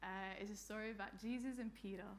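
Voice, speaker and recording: A woman's voice: mid-range voice, steady tone, fast, slight background noise. A young woman from Norway telling a personal story in a church talk, chatty and laughing, with lots of fillers and restarts.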